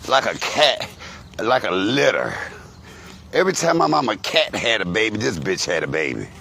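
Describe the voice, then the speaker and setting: A man's voice: on the low side, moderate pace, creaky. A man vlogging outdoors on a phone, telling a profane, insulting rant about family. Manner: animated, cursing, insulting storytelling. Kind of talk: profane ranting monologue. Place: outdoors, walking to a grocery store.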